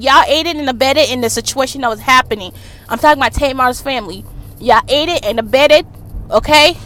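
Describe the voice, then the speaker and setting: A woman vlogger, ranting loudly and profanely about celebrity gossip, filmed on a phone in a car in traffic. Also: sits high. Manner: loud, profane, fired-up ranting. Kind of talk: casual ranting commentary.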